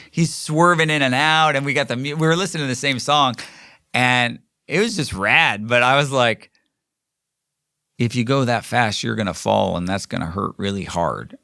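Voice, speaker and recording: Bright-voiced man telling a story. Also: mid-range voice, normal speed, gravelly, no echo, clean studio sound. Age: middle-aged. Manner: rambling, animated, many fillers and restarts. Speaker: podcast host. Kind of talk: casual storytelling monologue.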